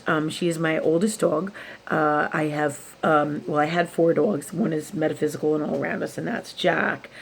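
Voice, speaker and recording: Low-voiced woman in a rambling late-night vlog. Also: a little hiss or hum. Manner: rambling, with laughs and self-talk quotes. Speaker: spiritual YouTube host.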